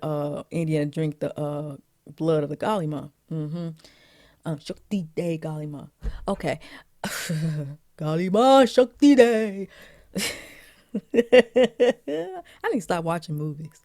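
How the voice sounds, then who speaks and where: A woman vlogger giving a casual, chatty movie recap, laughing often and filling pauses with "you know". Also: sits low, darkish tone, dry recording, clean studio sound.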